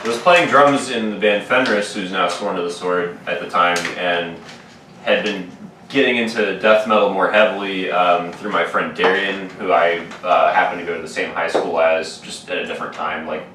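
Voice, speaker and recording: Young drummer guy, low voice but bright, rambly and chill, far from the mic, big echo, little hiss. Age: 20s. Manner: laid-back, rambling storyteller with many fillers. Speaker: band drummer, guest. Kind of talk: casual podcast chat. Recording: roomy, distant mic with faint noise.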